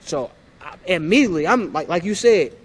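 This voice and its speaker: Animated former point guard, higher voice. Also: male voice, a little fast. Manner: animated, acts out past conversations. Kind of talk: casual storytelling interview.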